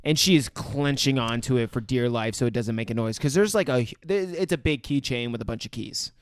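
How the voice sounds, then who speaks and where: A man's voice: mid-range voice, brisk, clear, resonant tone, dry recording. A man co-hosting a podcast, chiming in with short comments and details in casual chat. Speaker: podcast co-host. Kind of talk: casual movie recap chat.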